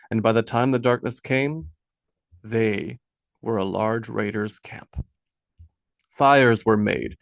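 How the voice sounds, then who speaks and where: A man narrating an audiobook in a measured, solemn way. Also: mid-range voice, no echo. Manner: measured, solemn, dropping soft on sad lines. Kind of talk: scripted narration.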